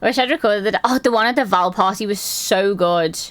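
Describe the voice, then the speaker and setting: A woman chatting casually on a live stream, telling stories in a lively way and swearing and laughing often. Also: medium pitch, fairly quick.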